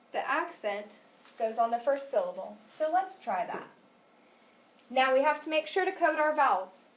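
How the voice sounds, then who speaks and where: A woman teaching a phonics lesson, asking questions and praising answers patiently. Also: sits high. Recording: echoey room, mic at a distance.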